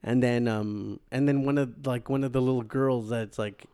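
A man co-hosts a casual movie podcast in a loose, easygoing way, laughing often and swearing casually. His voice is mellow and warm, at an ordinary middle pitch. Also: fairly even intonation, moderate pace, clear, resonant tone. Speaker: podcast co-host.

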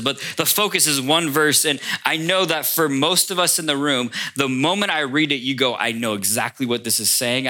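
A man, a pastor, preaching a sermon to his congregation as a lively storyteller who speaks straight to the room. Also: mid-range voice. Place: church before a congregation.

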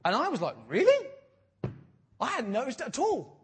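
A man in his thirties preaching a sermon as a pastor, animated and jokey, quoting voices and dropping to a hush for effect. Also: very high voice, quick pace, husky. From Britain.

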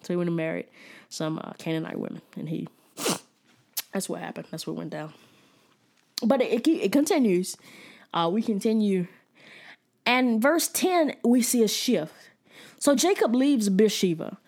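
A woman's voice: mid-range voice, lively intonation, normal speed, pauses often, a little mellow. A woman teaching a Bible study in a casual, conversational way, often repeating words and checking in with "okay?".

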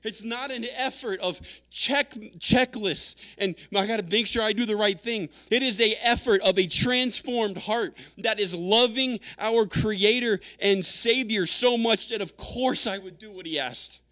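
A man's voice: high-pitched, measured pace, hardly any pauses, bright, forceful tone, no room sound, studio quality. A man preaching a sermon in an earnest, conversational way, acting out quotes as he goes. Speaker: pastor.

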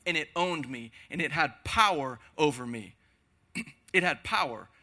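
His voice is fairly high and bright with a forceful tone, lively intonation and an unhurried delivery. The pastor stands before a congregation in a church hall, preaching passionately in emphatic, repeated phrases.

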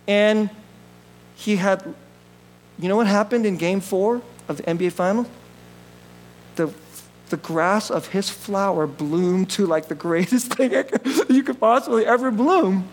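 A male pastor delivers a sermon in a high, bright-sounding voice. He jokes with the congregation, laughs easily and moves from excited outbursts to soft, low asides. A faint hum sits under the recording. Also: poor audio. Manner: animated and jokey, laughs often, swings from loud bursts to quiet asides.

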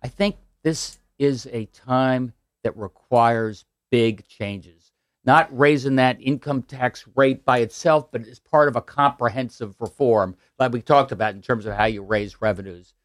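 A man's voice: medium pitch, measured pace, dry recording. Upbeat man in his sixties, dry studio. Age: 60s. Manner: upbeat, persuasive, with restarts. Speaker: political candidate. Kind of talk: radio interview answers. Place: radio studio.

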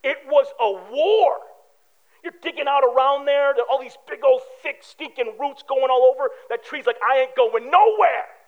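A man's voice: extremely high pitch, fairly even intonation, normal speed, narrow, tinny audio. A man preaching a sermon with emphatic rhetorical questions and joking asides. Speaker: pastor.

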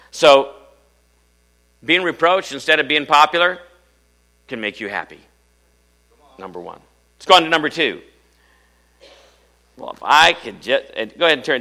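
In church, a middle-aged man preaches, peppering listeners with rhetorical questions and moving between loud passages and hushed ones. His voice has a fairly low pitch.

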